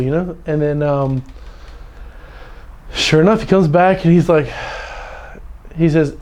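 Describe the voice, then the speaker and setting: A man's voice: on the high side, measured pace, pauses often, a little mellow. A man casually telling a story, laughing often and repeating words as he goes. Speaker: storyteller guest.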